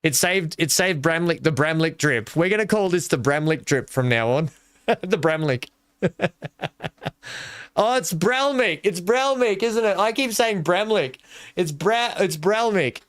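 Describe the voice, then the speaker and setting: A man's voice: a little high, expressive, measured pace, a bit bright, clean tone, dry recording. Rambling, self-mocking male game streamer. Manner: rambling, self-mocking, thinks aloud with many fillers. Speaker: streamer building a theme park in a game. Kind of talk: casual live-stream chat with viewers.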